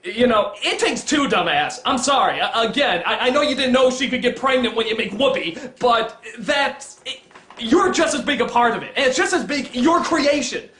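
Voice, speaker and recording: A man giving a comedic film review, exasperated and swearing, swinging between mutters and shouts. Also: very high voice, animated, normal speed, roomy sound. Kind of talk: ranting comedic movie review.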